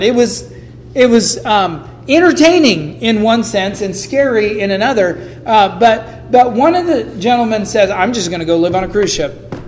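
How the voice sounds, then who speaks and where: A man's voice: high-pitched, slight background noise. A man preaching a sermon in a conversational way, acting out quotes from the people he talks about. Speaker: pastor.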